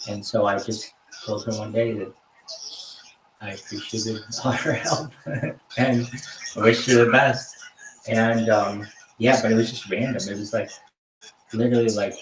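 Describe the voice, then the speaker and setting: A man hosting a casual livestream, talking loosely about dating apps and greeting strangers with loud, repetitive enthusiasm. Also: fairly low pitch, a little hiss or hum. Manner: hyped, greets strangers loudly, repeats himself. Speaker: livestream host. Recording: echoey room, mic at a distance.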